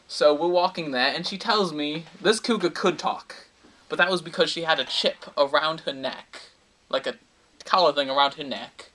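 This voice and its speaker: A man spins a rambling, absurd comic tale in a deadpan delivery. His voice sits a little high and has a bright, forceful edge. He sounds set back from the microphone. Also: far from the mic. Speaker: comedic storyteller. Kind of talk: absurd rambling comedy monologue.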